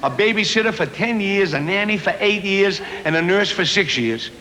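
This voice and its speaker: A man's voice: sits high, lively intonation, normal speed, sharp tone. Chatty man doing a stand-up monologue. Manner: chatty, self-mocking, punchline-driven. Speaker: stand-up comedian. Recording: noisy old 1970s TV recording.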